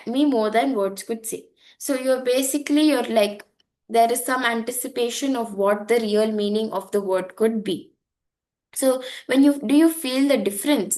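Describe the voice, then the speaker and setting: Woman teaching a poetry class, higher voice. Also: a little mellow. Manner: conversational, many fillers and restarts. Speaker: poetry workshop instructor. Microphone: online call microphone.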